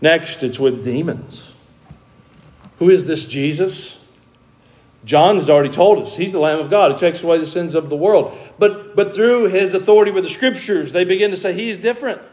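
A man with a slightly high-pitched voice delivers an expository sermon from the front of a church. He slows down to lean on the key words and reads scripture aloud between his points. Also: a little mellow. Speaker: pastor. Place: church sanctuary.

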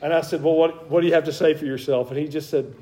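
A man's voice: a little high, steady tone, fast, dark tone. A middle-aged man preaching a sermon as pastor, talking conversationally, with self-deprecating humor and emphatic exhortations.

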